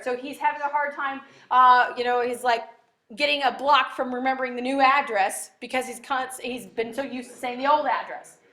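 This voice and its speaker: Female teacher, bright high voice, conversational lecture, very echoey classroom. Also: fairly even intonation, normal speed, distant mic. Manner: conversational, frequent "okay?" check-ins.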